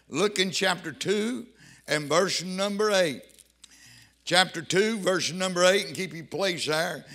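An older man, preaching a fervent sermon as pastor and rising into shouted praise. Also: sits high.

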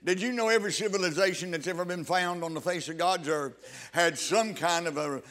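The sermon comes from a fervent, high-pitched male preacher whose delivery stumbles with constant restarts and builds to loud, rising emphasis.

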